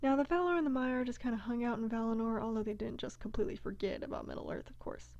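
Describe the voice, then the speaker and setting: A woman's voice: fairly high pitch, fairly even intonation, quick pace, darkish tone, no echo, dull audio. A woman casually retelling a fantasy epic with breezy, slangy humor, as the narrator of a comic video. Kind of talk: casual comedic story retelling.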